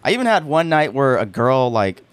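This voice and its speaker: A man's voice: mid-range voice, very animated, brisk, smooth, dry recording. A young man, a podcast guest, telling a story in a rambling casual chat full of fillers and restarts. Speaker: podcast guest, haunt performer.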